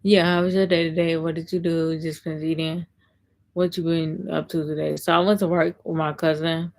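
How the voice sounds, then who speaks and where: Low, gravelly woman chatting on a live stream. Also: flat delivery, normal speed, darkish tone, low-quality recording. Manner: chatty, reads and answers viewer comments. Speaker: livestream host. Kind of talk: casual livestream chat.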